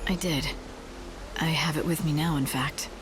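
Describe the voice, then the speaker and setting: Woman voicing a calm game heroine, soft and measured, lowish voice, music behind. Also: close to an everyday voice. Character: steady young heroine, calm and earnest. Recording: game audio over clear music.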